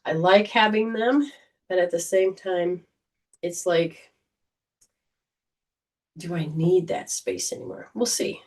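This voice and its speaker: Chatty woman psychic, low voice, distant mic. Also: slow pace, long pauses. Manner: chatty, rambling, warm storytelling. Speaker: psychic reader and livestream host. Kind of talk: casual livestream chat.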